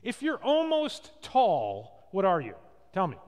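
Speaking slowly in a high, somewhat mellow voice with huge swings in pitch, a man delivers a sermon in a church sanctuary. He tells stories, performs the quoted lines, and asks rhetorical questions, all carried on the hall's long reverb.

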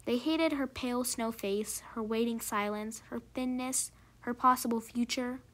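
A woman narrating a short story aloud in a measured, expressive reading. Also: on the high side.

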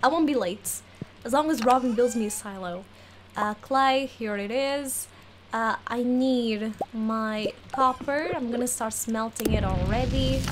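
A young woman, a let's play gamer, offers casual gameplay commentary in a rather high voice over a noisy background. She giggles often, sounds playfully exasperated, and talks to the game's characters.

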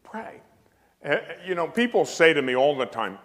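A man's voice: on the high side, sing-song, normal speed, a bit bright. A man speaking as a priest giving a spiritual lecture, emphatic and anecdotal with dry humor. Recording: long hall reverb.

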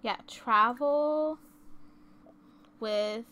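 Brief: woman gaming YouTuber, high voice, giggly, slow chatty commentary. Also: sharp tone, a little hiss or hum. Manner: chatty, giggly, exclaims often. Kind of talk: casual let's-play commentary. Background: faint game music.

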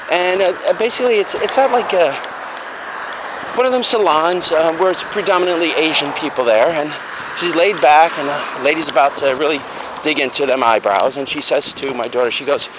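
A middle-aged man tells a story in a casual, rambling way, pausing often on fillers. The recording is dull and muffled, with loud steady noise under his voice. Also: on the high side. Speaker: vlogger.

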